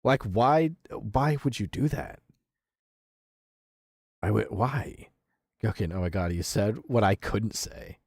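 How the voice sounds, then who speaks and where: A young man streaming, giving casual reaction commentary, excitable and profane, laughing often. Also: fairly low pitch, slow, creaky, long pauses, breathy edge, dry recording, studio quality.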